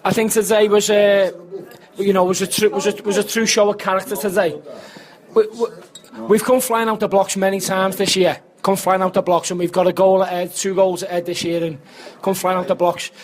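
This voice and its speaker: A man's voice: high voice, steady tone, a little fast. A man earnestly reviewing a match in a casual fan chat, repeating himself. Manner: earnest, repetitive, stumbling. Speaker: football fan pundit.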